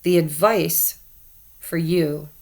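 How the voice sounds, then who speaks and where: Slow, gravelly-voiced woman reading tarot. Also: deep voice, a little mellow. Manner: chatty, repeats herself for emphasis. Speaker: tarot reader. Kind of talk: casual tarot reading to camera.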